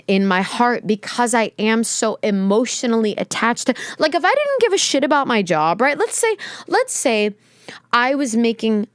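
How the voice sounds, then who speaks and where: A woman's voice: mid-range voice, clear, resonant tone, no room sound, studio quality. A young woman hosting a podcast, talking candidly and emotionally in a rambling, reflective way with many fillers. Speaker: podcast host. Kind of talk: candid solo talk.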